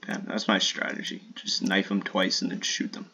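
A man streaming a shooter game in casual live commentary, swearing and trash-talking opponents with sudden excited outbursts. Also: low-pitched, normal speed, slightly rough, highs cut off.

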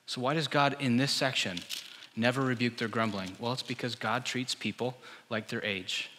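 A man's voice: medium pitch, fairly even intonation, normal speed, sharp tone, a little hiss or hum. A male pastor giving a sermon in a conversational style, full of rhetorical questions. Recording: church hall with long reverb.

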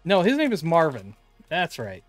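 A man's voice: on the high side, huge pitch swings, normal speed, dry recording, soft background music. A man streaming live, opening card packs and chatting casually with his viewers. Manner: chatty, reads card names aloud, talks to chat.

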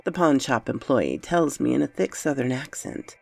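A woman's voice: a bass voice, expressive, moderate pace, vocal fry, hardly any pauses, dry recording, faint music behind. A woman narrating a horror story in a dramatic, brooding first-person style.

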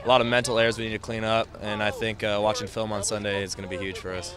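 A young man, a college running back, talks reporters through his plays after a scrimmage. His manner is relaxed and easygoing, and his voice sits a little low. He speaks outdoors. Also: racing, a crowd in the background. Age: young adult. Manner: relaxed, easygoing, laughs between phrases. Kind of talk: post-practice press interview.

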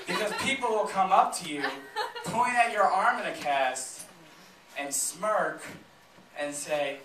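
A man performing a stand-up comedy set on a theater stage, telling deadpan stories with sudden loud punchlines while the audience laughs. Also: fairly high pitch, slow, pauses often, a crowd in the background. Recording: roomy, distant, noisy live club recording.

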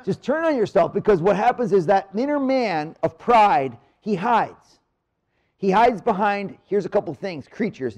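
A priest giving a live marriage retreat talk in a church room, conversational and energetic, shifting from quick punchy lines to slow quiet emphasis. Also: male voice, high voice, highs cut off. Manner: energetic, conversational preacher with sudden drops to quiet. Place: church room near the Blessed Sacrament.

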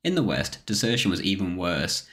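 A man with a very low, deep voice narrates a scripted history documentary. His delivery is measured and steady, like a reader working through a prepared text. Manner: measured, reads quotations aloud with spoken quote marks.

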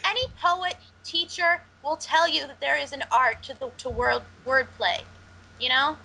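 A woman's voice: high voice, steady tone, unhurried, creaky, bright, forceful tone, a little hiss or hum, poor audio. A woman co-hosting a movie podcast, playful and argumentative in banter. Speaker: podcast co-host. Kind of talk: casual chat.

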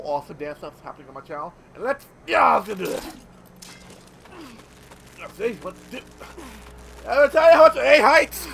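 A man's voice: sits high, fairly bright tone, a little hiss or hum. A man hosting his gaming channel, rambling in casual gameplay commentary with lots of swearing and filler words.

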